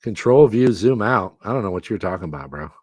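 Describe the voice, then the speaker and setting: Excitable man live-streaming with a lively voice. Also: on the low side, brisk, slightly rough, dry recording. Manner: excitable, self-mocking, laughs often. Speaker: livestream host commentating a fantasy football auction. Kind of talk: live-stream commentary, chatting with viewers.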